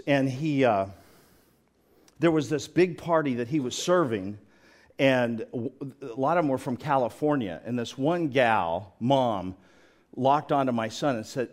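A middle-aged man preaching a sermon as pastor, chatty and joking, with frequent laughs. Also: a little high.

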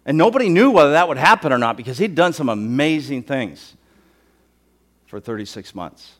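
Animated male pastor preaching. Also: medium pitch, normal speed. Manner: animated, acts out mocking voices, joking asides. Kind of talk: sermon. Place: church.

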